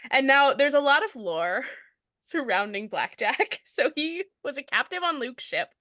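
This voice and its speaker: Bright, lively woman recapping chapters. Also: high-pitched, unhurried, no echo, clean studio sound. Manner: animated, chatty, laughs often while recapping. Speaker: podcast co-host. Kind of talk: casual book-discussion chat.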